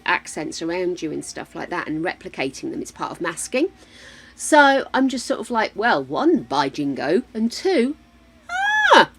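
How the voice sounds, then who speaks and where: An English woman streaming a game, chatting casually and thinking aloud as she plays, laughing often. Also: fairly low pitch. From England. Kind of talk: casual chat while playing.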